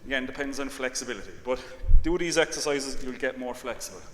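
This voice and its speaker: A man leading an exercise class, calmly cueing breaths and counting reps, with "all right" again and again. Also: medium pitch, fast talker. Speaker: exercise instructor. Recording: long reverb, faint background noise.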